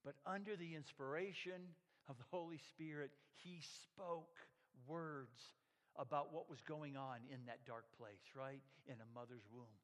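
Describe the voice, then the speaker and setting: Man, pastor delivering a sermon; unhurried, emphatic, drops to hushed tones; big reverberant room. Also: a little high. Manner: slow, emphatic preaching that drops to a near whisper.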